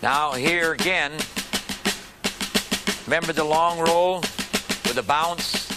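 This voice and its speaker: A man teaching a beginner drum lesson, calmly calling out stick strokes and explaining rudiments. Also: on the high side, slow pace, loud music behind the voice. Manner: calm, patient, counting and calling out strokes. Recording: drumming heard behind the voice. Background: snare drum rudiments played along.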